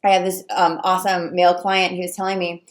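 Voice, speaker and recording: A woman coaching viewers on relationships in a casual talk, animated and acting out the voices of clients and fears. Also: lowish voice, fast. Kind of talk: casual direct-to-camera advice talk.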